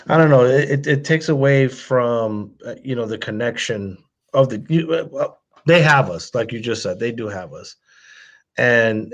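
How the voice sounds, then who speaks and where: A man co-hosting a relaxed podcast, speaking at an ordinary middle pitch. He talks hesitantly, restarting his sentences as he searches for words. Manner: halting, hesitant, many fillers and restarts. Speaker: podcast co-host. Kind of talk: casual chat.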